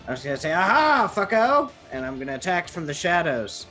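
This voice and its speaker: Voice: mid-range voice, fast talker, fairly bright tone, faint music behind. A playful player in a tabletop game who asks about the rules and laughs along. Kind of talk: casual tabletop play.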